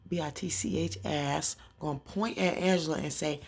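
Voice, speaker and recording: A woman in a casual recap vlog, losing her voice, telling the story in an animated way and acting out the characters' lines. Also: deep voice, normal speed, vocal fry, hardly any pauses, husky. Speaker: TV recap vlogger.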